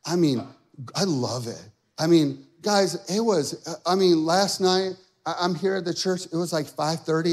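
A middle-aged male pastor preaching a sermon, shifting between loud, impassioned calls and quiet, chatty storytelling with asides to the congregation. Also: high voice.

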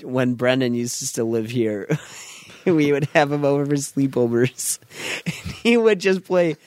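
A young man hosting a podcast in casual chat with friends, animated and quick to laugh. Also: medium pitch, no echo, clean studio sound. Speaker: podcast host.

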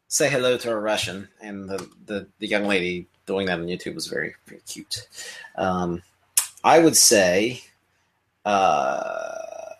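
A man's voice: fairly low pitch, fairly bright tone. A man co-hosting a podcast, rambling and joking in casual chat about wrestling, often trailing off and restarting. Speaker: podcast co-host.

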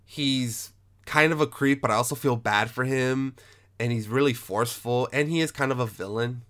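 At a moderate pace and middle pitch, a man hosts a laid-back film chat, talking emphatically and with animation, swearing freely, and restarting many times.

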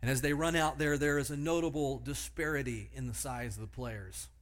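A man's voice: mid-range voice, steady tone, a little fast. A man preaching a sermon, telling vivid illustrative stories and asking the listeners rhetorical questions.

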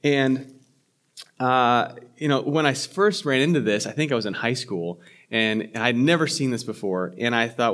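A man's voice: mid-range voice, moderate pace, a bit bright. A man, a pastor, preaching a sermon in a conversational way, with frequent fillers, restarts and self-corrections.

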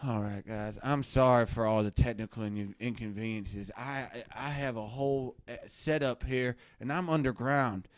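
A man doing a satirical webcast rant, bombastic and erratic, swinging from muttering to shouting. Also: mid-range voice, steady tone, normal speed, few pauses, no room sound. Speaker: mock livestream ranter.

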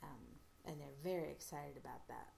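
Low gravelly woman recapping casually. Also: warm tone, a little hiss or hum. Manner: halting, many fillers and restarts. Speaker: podcast host recapping an episode. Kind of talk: casual retelling.

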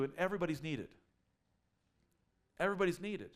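A man's voice: high-pitched, normal speed, a bit bright. A man preaching a sermon as pastor, earnest and often repeating or restarting his words.

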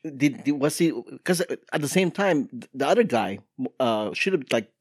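A man's voice: mid-range voice, animated, moderate pace, husky, no room sound, clean studio sound. A man co-hosting a casual podcast chat, laughing often and restarting his sentences. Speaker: podcast co-host.

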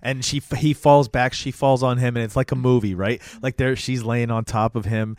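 A man's voice: medium pitch, fairly even intonation, normal speed, darkish tone, no room sound, studio quality. A man co-hosting a casual TV recap, laid-back and often chiming in with short agreements. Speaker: podcast co-host.

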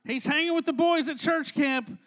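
A young man preaching to a youth group, playful and energetic, acting out a skit and calling on kids in the crowd. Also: extremely high pitch, normal speed. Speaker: youth pastor.

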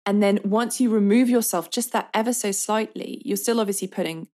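A woman songwriter in her thirties talking in a podcast interview, telling stories with lively acted-out quotes. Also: medium pitch. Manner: animated storyteller, acts out quotes with quick bursts. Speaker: songwriter guest.

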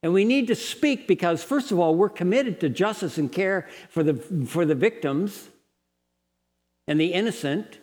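A man with a fairly high voice preaches a sermon at a Bible college. He talks in an earnest, lecturing way and builds to passionate pleading, and his words ring on in a hall with a long reverb. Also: expressive, moderate pace, a little mellow.

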